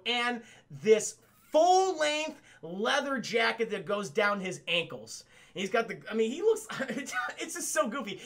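A man recapping a cartoon episode for a live chat in a casual, profane, excitable way, laughing often. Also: high-pitched. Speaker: cartoon reviewer streaming to chat.

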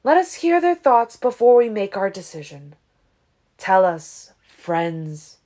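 A smooth, ancient vampire leader, read by a woman narrator in an audiobook. He speaks with a falsely gentle, tolerant politeness, lifting his voice a little above the plain narration. Every word is measured and courteous. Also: mid-range voice, very animated. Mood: smooth, condescending. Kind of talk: audiobook character reading.

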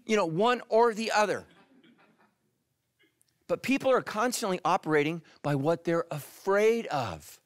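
A middle-aged male pastor preaching a sermon, animated, swinging from loud emphatic peaks to hushed, quiet lines. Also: high-pitched, unhurried, no echo. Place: church stage.

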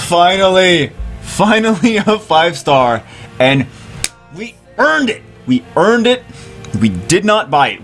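A man giving excited commentary over a mobile game, giddy, loud and swearing, laughing as he plays. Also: mid-range voice. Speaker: mobile game video creator.

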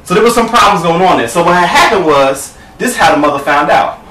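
A man's voice: high voice, expressive, fast, sharp tone, a little hiss or hum. A man telling a profane comic story in a sassy, camp manner, often calling the listener "girl". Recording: echoey room, distant mic.

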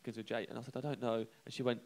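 A young man telling a comic anecdote on a live show, halting and self-deprecating, chuckling between lines. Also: mid-range voice, flat delivery, a little mellow. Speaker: comedian telling a story.

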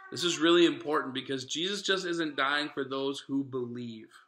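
Brief: bright-voiced male pastor, casual earnest sermon, echoey church. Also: medium pitch, steady tone, moderate pace. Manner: earnest, conversational preaching with asides to listeners. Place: church sanctuary.

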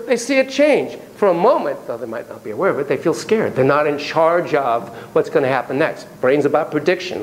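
A male psychotherapist lecturing in a university room, leaping up and down in pitch as he tells animated stories. He swears freely and acts out voices and sounds. A faint hiss sits under the recording. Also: poor audio. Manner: animated, profane, storytelling with acted voices.

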